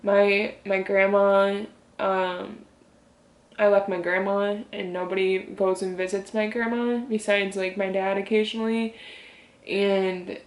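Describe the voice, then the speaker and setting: A woman's voice: mid-range voice, flat delivery, measured pace. A young woman from Michigan talking casually to her camera as a vlogger, rambling and heartfelt with lots of fillers. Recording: roomy echo.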